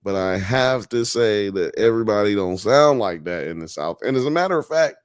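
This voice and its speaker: A man hosting a casual live-stream talk show, animated, slangy and joking. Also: lowish voice, fairly quick, clear, resonant tone, no echo, studio quality. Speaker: podcast host.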